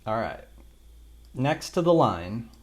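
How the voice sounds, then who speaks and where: Laid-back male tutorial host, unhurried, rambling delivery with casual profanity. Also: mid-range voice, big pitch swings. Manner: loose, rambling, swears casually, thinks aloud. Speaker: video creator demonstrating an AI video tool. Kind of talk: casual screen-recorded tutorial.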